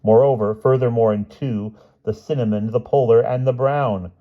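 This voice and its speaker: A man's voice: fairly even intonation, moderate pace, narrow, tinny audio, close to an everyday voice. A man voicing a lost, frightened male villain who yelps indignant legal jargon. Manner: shrill, pleading, indignant outbursts. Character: panicky lost adult male villain spouting lawyer talk.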